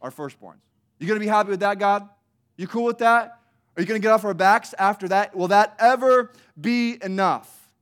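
Guy doing a snarky sarcastic mob talking back to god, high and mocking. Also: normal speed, a bit bright. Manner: snarky, mocking, exaggerated questions.

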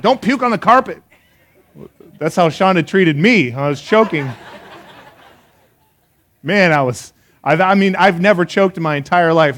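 Lively man preaching, slightly high voice. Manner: animated storyteller, laughs at his own jokes; talks straight to the congregation with questions. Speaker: pastor. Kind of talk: sermon. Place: church service before a live congregation.

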